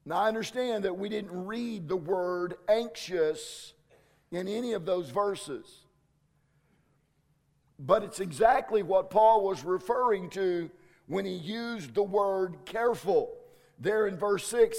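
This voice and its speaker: A man preaching a sermon as a pastor, slow and deliberate with dramatic pauses. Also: high-pitched, darkish tone, big-room sound.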